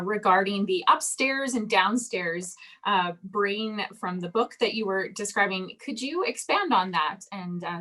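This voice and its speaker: A woman's voice: mid-range voice, bright, forceful tone. A woman co-hosting a panel, politely and hesitantly passing on audience questions over a video call. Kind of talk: casual panel talk.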